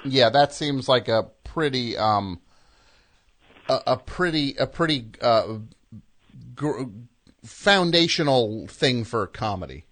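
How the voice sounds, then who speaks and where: A man hosting a comedy call-in radio show, answering the caller with dry, deadpan remarks. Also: mid-range voice, takes it slowly, pauses often. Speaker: radio host.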